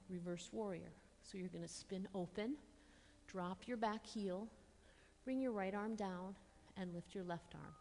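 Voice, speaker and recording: A woman teaching a yoga class, giving calm, encouraging step-by-step cues while slightly out of breath. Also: fairly low pitch, vocal fry, in a large hall, slight background noise. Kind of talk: guided yoga class instruction.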